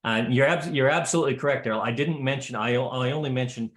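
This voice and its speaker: A man's voice: mid-range voice, quick pace, fairly bright tone. A man teaching square dance calling to a class in a chatty, joking way with many restarts. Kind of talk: presentation to a class of callers. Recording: roomy echo.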